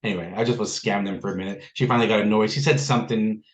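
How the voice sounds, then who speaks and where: Low-voiced man hosting a casual meetup. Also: steady tone, very fast, rough recording. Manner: joking storyteller. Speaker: notary meetup host. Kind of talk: casual group discussion.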